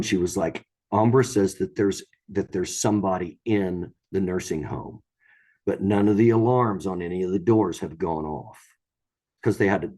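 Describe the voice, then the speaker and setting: A man's voice: low-pitched, warm tone, husky. A man telling a true strange story in a casual, rambling way, with frequent restarts and quoted voices. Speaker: storyteller guest.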